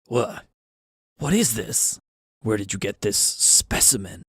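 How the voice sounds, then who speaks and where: A man's voice: on the low side, animated, slow, slightly rough, no room sound, studio quality, heavily acted. A man voicing an irate middle-aged male professor, speaking in an indignant and demanding way.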